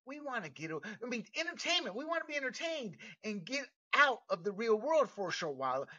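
Animated man ranting from a distance. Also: high-pitched, dull audio. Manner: blunt and ranting, with frequent laughs and restarts. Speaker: podcast host. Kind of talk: opinionated commentary.

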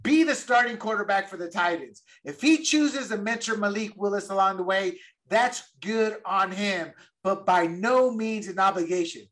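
A man's voice: high voice, normal speed, hardly any pauses, fairly bright tone. A man co-hosting a podcast, chatting casually and emphatically about football and repeating words as he goes. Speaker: podcast co-host. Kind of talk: casual sports chat.

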